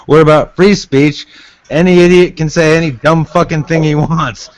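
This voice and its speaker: A man's voice: a little high, steady tone, normal speed. A man in casual voice chat, joking, swearing and needling the others. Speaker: voice chat participant.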